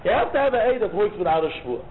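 A man teaching a Talmud lecture, arguing both sides of the case in an animated way and repeating key phrases. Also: sits high, fast. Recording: tinny phone-like line with faint noise.

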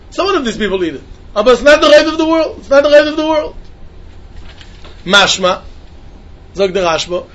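Fast high-voiced man teaching Talmud. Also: muffled recording. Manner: quick sing-song study chant, mixing English with Hebrew and Yiddish. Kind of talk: yeshiva-style Talmud lecture.

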